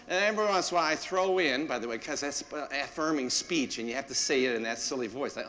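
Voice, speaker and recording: A man's voice: fairly high pitch, animated, fast, hardly any pauses, pushed and bright, in a large hall. A man, a parish priest, giving a folksy, anecdotal homily full of fillers and asides. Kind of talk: conversational homily.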